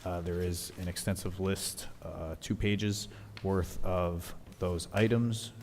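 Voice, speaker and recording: A man's voice: low-pitched, steady tone, slow pace, a little mellow. A man presenting agenda items at a village council work session in a matter-of-fact way, with frequent fillers. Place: council meeting hall. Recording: reverberant hall with faint noise.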